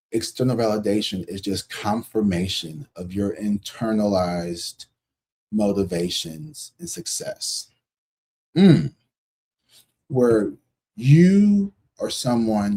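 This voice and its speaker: A man with a husky, slightly low voice gives a casual tarot reading straight to his listener. His tone is warm and mellow, conversational and blunt, and he swears freely. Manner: conversational, acts out other people's voices. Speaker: tarot reader.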